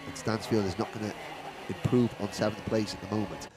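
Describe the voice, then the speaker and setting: A man giving live race commentary on a karting event, rattling off positions and names and building excitement toward the finish. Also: lowish voice, brisk, over music.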